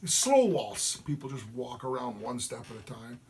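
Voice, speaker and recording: A man's voice: medium pitch, big pitch swings, moderate pace, darkish tone, a little hiss or hum. A man hosting his fiddle music show, introducing tunes with folksy enthusiasm and humming a melody. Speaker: host and fiddler.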